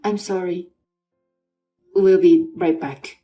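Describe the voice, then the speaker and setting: A woman's voice: lowish voice, big pitch swings, slow pace, gravelly, warm tone, soft background music, heavily acted. A woman voicing a selfish, demanding young husband in a scripted story reading, in her own plain voice. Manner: demanding, dismissive.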